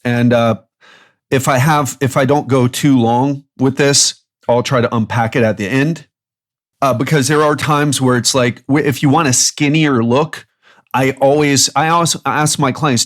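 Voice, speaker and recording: A man hosting a fitness podcast alone, a coach who talks bluntly and emphatically in quick bursts. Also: medium pitch, steady tone. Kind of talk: solo podcast monologue.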